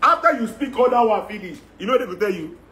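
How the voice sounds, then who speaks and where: A man's voice: sits high, animated, quick pace, sharp tone. A Nigerian man in casual, opinionated chat who mixes Pidgin and Yoruba and mocks his listeners. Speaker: musician and guest.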